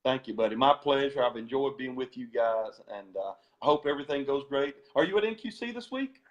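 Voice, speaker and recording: A man guest on an interview show tells road stories in a loose, chatty way, laughing and stumbling over his words. His voice sits at an ordinary middle pitch. The sound is dull and lo-fi, like a video call. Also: expressive, a little fast. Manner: laughs often, repeats words when telling stories. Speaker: guest, former gospel singer. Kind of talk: storytelling interview.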